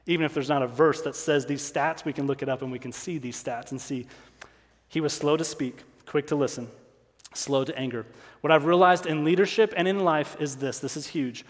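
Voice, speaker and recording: A man preaching a sermon in a fairly high voice, hammering home each point by saying it twice and firing rhetorical questions at the congregation. His words ring out with the long reverb of a large hall. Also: brisk. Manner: emphatic, repeats key lines, rhetorical questions. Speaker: pastor.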